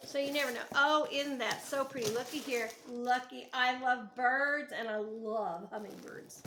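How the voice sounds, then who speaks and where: A woman's voice: sits high, a little slow, noisy background. A woman with an Oklahoma accent, chatting casually and gushing as she unboxes yarn at home for her crochet vlog. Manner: chatty, gushing, thinks aloud. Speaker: crochet vlogger.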